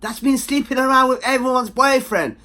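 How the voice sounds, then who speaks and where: Man playing confrontational young women, shrill, accusing, loud. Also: fairly quick.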